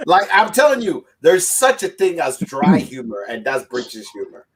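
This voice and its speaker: A man's voice: on the high side, wildly swooping pitch, normal speed, crowd noise. A man hosting a casual chat over a video call, teasing his guests and laughing often. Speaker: host.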